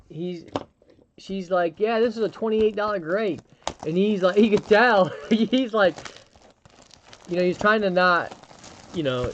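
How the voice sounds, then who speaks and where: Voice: medium pitch, lo-fi sound, slight background noise. A live stream host chatting casually, telling a rambling story with frequent restarts and fillers.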